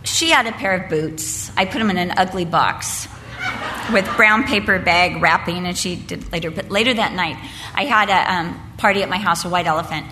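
An older woman telling a family story and preaching at a women's Christmas event, moving from lively storytelling into earnest preaching. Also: on the low side, normal speed. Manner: animated storytelling, acting out family voices, then earnest preaching. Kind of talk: storytelling sermon. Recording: reverberant hall with faint background noise.

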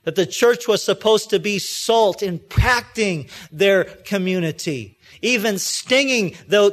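Male pastor, higher-pitched voice, easygoing storytelling sermon delivery. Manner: storytelling preacher, acts out quoted voices; conversational, with frequent restarts.

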